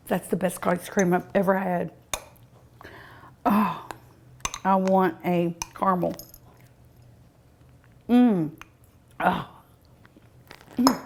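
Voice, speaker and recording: A woman's voice: mid-range voice, a little mellow. Leisurely woman cooking-show host, folksy and chatty, lingering over each taste with long mms. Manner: savoring, lots of drawn-out mms and ohs. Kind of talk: casual cooking show tasting. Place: outdoors at home by the pool.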